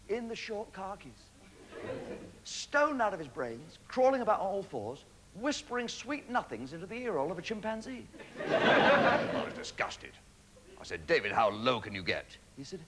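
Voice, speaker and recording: Lively male comedian in a TV studio. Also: sits high. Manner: brisk joke-telling with punchlines. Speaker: comedian host. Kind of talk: stand-up monologue. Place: TV studio stage before an audience. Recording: 1980s TV studio with a laughing audience, noisy.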